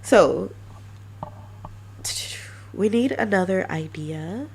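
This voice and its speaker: A woman streamer chatting casually and brainstorming ideas, halting with many restarts. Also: fairly low pitch, lively intonation, vocal fry, darkish tone, husky. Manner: halting, many restarts, self-mocking laughs.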